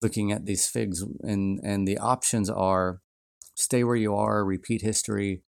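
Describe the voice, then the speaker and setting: A man's voice: on the low side, steady tone, a little slow, vocal fry, a little mellow, no room sound, clean studio sound. A man hosting a podcast, talking through ideas in a casual, rambling way with many fillers and restarts. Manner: rambling, frequent fillers and restarts, laughs often. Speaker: podcast host. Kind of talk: casual reflective monologue.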